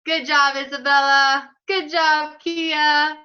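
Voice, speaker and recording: A woman teaching an online group music lesson, giving slow step-by-step instructions and praising students by name. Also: sits high, flat delivery. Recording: dull lo-fi audio.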